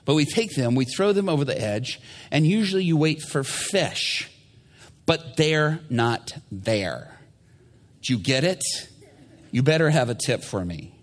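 A tired, sarcastic fisherman grumbles in a low, flat mutter, well under the speaker's normal pitch. A preacher plays him with husky, dry impatience, as though humoring a foolish request. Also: unhurried, heavily acted. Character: grumbling tired fisherman Peter, adult man.

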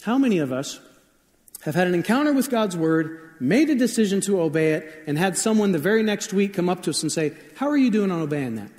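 High-voiced pastor preaching in a reverberant hall. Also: male voice, expressive, fairly quick, darkish tone. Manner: conversational storytelling preacher, shifts pace often. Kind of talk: sermon.

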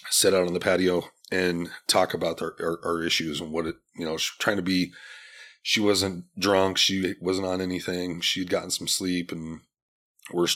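A man's voice: deep voice, fairly bright tone. A man in his forties, a podcast guest, telling a personal story in a candid, blunt and profane way, with many restarts. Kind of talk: casual storytelling.

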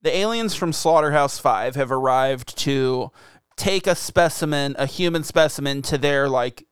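A man's voice: mid-range voice, normal speed, a bit bright, clear, resonant tone, no room sound, studio quality. A man co-hosting a casual podcast, teasing his co-host and steering the conversation. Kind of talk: casual chat.

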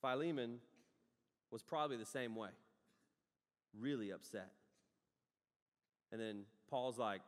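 A man, preaching a sermon in an animated storytelling way, swinging between loud outbursts and quiet asides. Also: mid-range voice, normal speed, long pauses. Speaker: pastor. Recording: long hall reverb.

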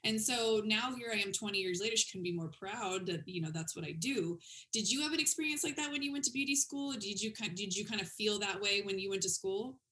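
A woman in her thirties hosting a podcast, talking casually and quickly with many fillers. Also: medium pitch, pushed and bright. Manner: chatty, fast, lots of "like" and "you know". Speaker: podcast host. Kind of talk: casual interview chat.

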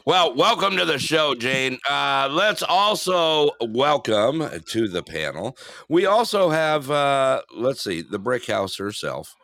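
A man's voice: medium pitch, sing-song, slow pace, creaky, fairly bright tone, no room sound, studio quality. A man hosting a live podcast, introducing guests in casual chat and laughing often. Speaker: host.

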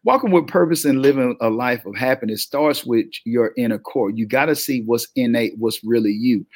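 A man with a heavy Southern drawl, a podcast guest speaking in an energetic, motivational, preacher-like cadence. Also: medium pitch, no echo, studio quality. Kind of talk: motivational interview talk.

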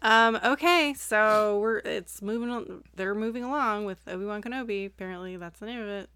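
An opinionated young woman co-hosting a casual podcast, chatty and quick to push back. Her voice sits at a middle pitch, recorded dry and close. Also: clean tone, no echo. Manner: opinionated, chatty, trails off softly. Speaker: podcast co-host. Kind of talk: casual chat.

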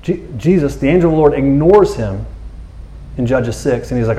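A man's voice: mid-range voice, normal speed. A male pastor preaching a sermon in a casual, conversational way. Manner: animated, conversational, acts out characters.

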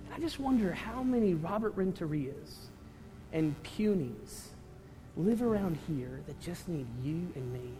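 Emotional pastor in an echoing church. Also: male voice, high-pitched, animated, measured pace. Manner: emotional, storytelling, swings from loud to hushed. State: tearful at times. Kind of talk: sermon. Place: church sanctuary. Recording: church hall reverb with music.

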